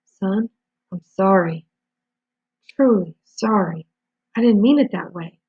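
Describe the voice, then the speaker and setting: A woman voicing an excitable middle-aged male hunter who talks in a breathless, jumpy, apologetic way, read from a storybook. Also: mid-range voice, slow, husky. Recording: dull lo-fi recording.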